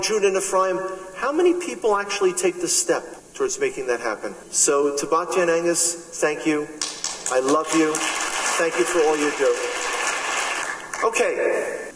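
A man with a Bronx New York accent delivers an emphatic speech with rhetorical questions and wry asides. His voice sits fairly high and rings through a reverberant hall, picked up from some distance with a faint ambient hiss. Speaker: speaker at a gathering. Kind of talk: impassioned religious speech. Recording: echoey hall, speaker far from mic.

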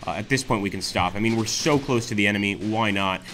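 A man casually commenting on his strategy game playthrough, thinking aloud with frequent pauses and fillers. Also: fairly low pitch, fairly bright tone, a little hiss or hum. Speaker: gaming video host.

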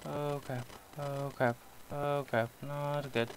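A young man talks his way through a horror game in loose, joking asides. He yelps and swears mildly whenever something startles him. His voice sits at an everyday male pitch. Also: flat delivery, takes it slowly, a little hiss or hum, low-quality recording. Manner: jumpy, yelps when startled, jokey self-talk. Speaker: gameplay commentator. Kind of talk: horror game let's play commentary.

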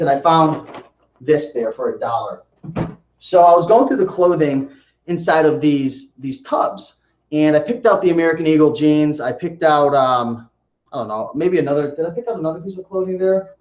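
A man with a fairly high voice talks straight to his viewers in a casual vlog, telling stories with animated energy. The recording is roomy and a little dull, with a lo-fi edge. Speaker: reseller vlogger. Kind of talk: casual vlog showing finds.

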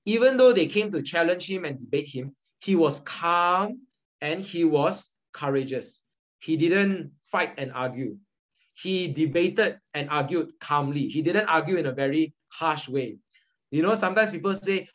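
Speaking at normal speed in a slightly high, somewhat bright voice, a young man with a Malaysian English accent gives a patient, repetitive lecture to an online Buddhist study group. He says "okay" and "all right" often; the video-call audio is poor.

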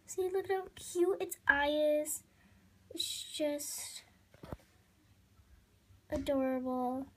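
A woman with a high voice gushes over a toy as she unboxes it. She speaks slowly and hesitantly, with plenty of ums, and sounds like she is recording on a phone camera. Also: darkish tone. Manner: hesitant, full of ums, gushing over cuteness. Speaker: toy reviewer.

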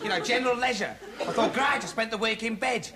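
Dopey young reporter, high voice, deadpan rambling, big audience laughter behind. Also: male voice, a crowd in the background. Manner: rambling, deadpan, halting with "like" and "you know". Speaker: bumbling investigative reporter. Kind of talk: comic monologue to camera. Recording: noisy TV studio with audience laughter.

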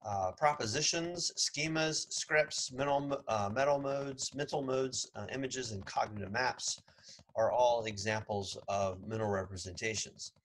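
A male professor lectures to a class in a low, easygoing voice, full of fillers and the odd sarcastic aside. He talks in a loose, conversational way rather than reading from notes. Faint clicks sit behind him. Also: measured pace, fairly bright tone, slight background noise, rough recording. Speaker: college psychology professor.

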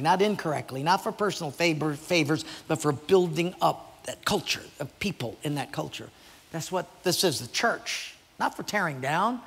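A man's voice: high voice, creaky, slightly rough, big-room sound. A man, a pastor, preaching a sermon and telling stories with acted voices. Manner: storytelling with acted voices, animated. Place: church sanctuary.

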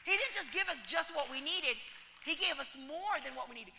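A woman pastor preaches to children, acting out every voice in her story as she goes. Her delivery drops to a hush and then rises to loud calls. Her high, very bright voice rings through a large, echoey hall. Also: normal speed, slight background noise. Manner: animated, acts out dialogue, swings from hushed to loud.

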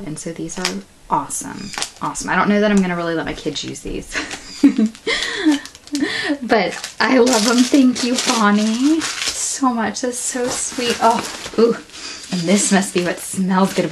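A woman's voice: lowish voice, noisy background. A woman in her thirties unboxing a craft package at home, gushing with gasps and breathless exclamations. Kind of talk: excited unboxing chat. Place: home room.

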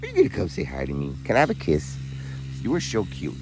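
A man's voice: deep voice, huge pitch swings, fast, noisy background, voice pushed down, full character voice. A man voicing a curious, friendly female llama, asking eagerly for a kiss. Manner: pleading, eager questions.

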